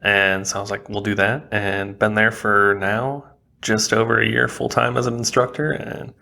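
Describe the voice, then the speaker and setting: Easygoing Wisconsin-accented man, bright voice. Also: fairly low pitch, fairly even intonation, normal speed, creaky. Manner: easygoing, laughs often, many fillers. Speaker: chef and cooking instructor. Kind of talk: casual podcast interview.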